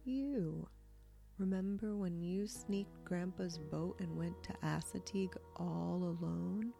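A woman reading the lines of a resentful young farm boy in a soft, sulky voice. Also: lowish voice, takes it slowly, creaky, soft background music.

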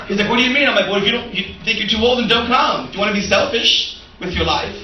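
A man preaching as a pastor, an animated storyteller who laughs and acts out the dialogue. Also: high-pitched, brisk, lo-fi sound, background noise. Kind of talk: sermon with storytelling. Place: church sanctuary. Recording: echoey room from a distant mic.

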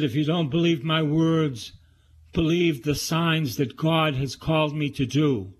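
A man, a priest, reading scripture aloud and commenting on it in a slow, prayerful way. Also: fairly high pitch.

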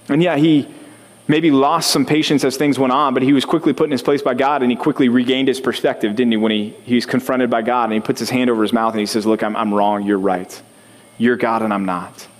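A man's voice: mid-range voice, steady tone, fast talker. A man preaching a sermon as pastor, talking conversationally, putting questions to the congregation and building to rising intensity.

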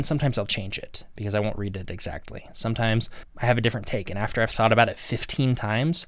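A man's voice: fairly low pitch, fairly bright tone, no echo. A man hosting his own channel, giving earnest, conversational advice to the camera and often restarting his sentences. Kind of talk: casual talk-to-camera advice.

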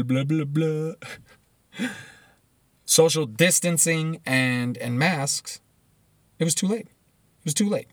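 A man's voice: medium pitch, dry recording. A man giving blunt, profane, rambling commentary, often restarting his sentences.

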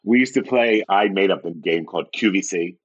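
A man, an actor and comedian, chatting as a podcast guest and telling animated stories with lots of laughter. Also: a little fast, breathy edge, highs cut off. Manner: animated storyteller, swoops high for quoted voices and laughs. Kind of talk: casual interview chat.

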